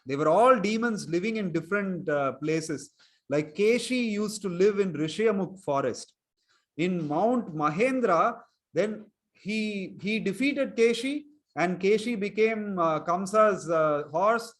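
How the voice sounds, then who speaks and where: A man's voice: high voice, expressive, measured pace. A man telling a story to children in an online class, chuckling and quizzing them. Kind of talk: storytelling lesson for kids online.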